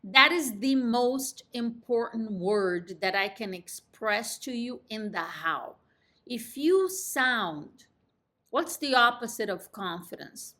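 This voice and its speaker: Slow, bright-voiced woman real estate coach. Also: expressive. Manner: emphatic, confident, drops pitch at sentence ends. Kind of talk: instructional talk to camera.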